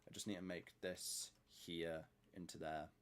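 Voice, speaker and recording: Male streamer, lowish voice, rambling thinking-aloud commentary. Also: little pitch movement, a little slow, slight background noise. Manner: rambling, talks to himself while working. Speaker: streamer building in a game.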